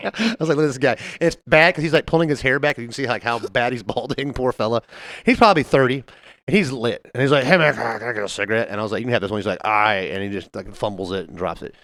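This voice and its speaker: A man co-hosting a podcast, telling a story in casual chat, animated and laughing often as he acts out the people in it. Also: mid-range voice, fast talker, dry recording. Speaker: podcast co-host.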